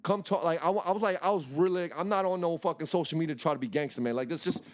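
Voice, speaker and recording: Dude ranting quick on a podcast, kinda high voice, cussing nonstop. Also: male voice. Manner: heated, rambling, heavy swearing. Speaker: podcast co-host. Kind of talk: casual chat, storytelling.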